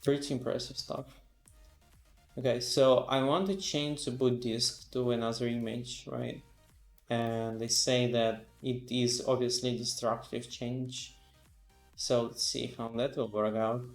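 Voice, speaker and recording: A sleepy man on a casual live stream talks through his work aloud, stopping on fillers and restarts. His voice sits at an everyday middle pitch and sounds roomy and echoey, with faint music under it. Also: little pitch movement, unhurried. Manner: thinks aloud, reads docs aloud, frequent fillers. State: sleepy, yawning.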